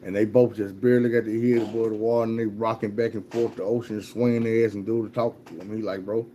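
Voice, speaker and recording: Blunt, mellow-voiced male storyteller. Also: fairly low pitch, little pitch movement, fast talker, slight background noise. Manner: blunt, profane, repetitive. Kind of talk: casual storytelling, motivational.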